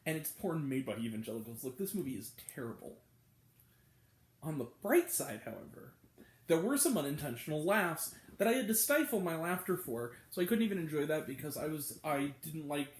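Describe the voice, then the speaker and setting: A man's voice: fairly high pitch, reverberant. A man giving a blunt, exasperated, profane movie review as host of his own show. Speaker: film reviewer.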